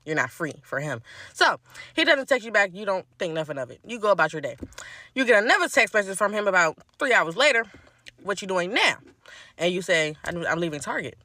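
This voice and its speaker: A woman's voice: medium pitch, sing-song, a little fast, pushed and bright, dry recording. A woman telling a casual, exasperated storytime about a date.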